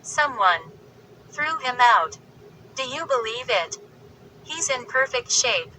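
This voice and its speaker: A gleeful, teasing girl , played by a woman reading aloud. Her voice is bright and fairly high, and she speaks slowly. She mocks with playful scorn. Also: sing-song, a little hiss or hum, full character voice, rough recording. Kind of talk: audiobook reading.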